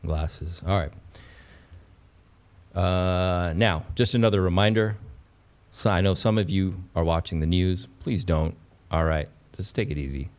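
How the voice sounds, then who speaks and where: A man hosting a casual livestream, talking straight to his chat, excitable and repeating himself. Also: low-pitched, measured pace. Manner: excitable, repeats phrases, talks to chat as "pups". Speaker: livestream host.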